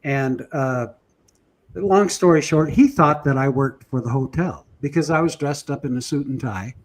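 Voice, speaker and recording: A male guest telling an anecdote in an animated, chuckling way. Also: medium pitch, normal speed. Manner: lively, chuckling, breathless storytelling.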